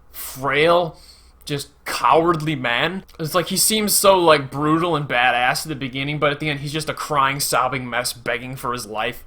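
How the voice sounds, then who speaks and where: Chatty, bright-voiced young man reviewing a movie. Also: mid-range voice. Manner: chatty, sarcastic, acts out quotes in sudden shouts. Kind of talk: casual spoken movie review.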